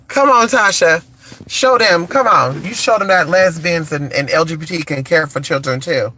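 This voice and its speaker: A man from California chats casually on a live stream in a bright, forceful voice that sits a little high. He is flamboyant and sassy, calls his listeners honey and keeps cheering the chat on with "come on". He talks into a phone or computer mic. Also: unhurried.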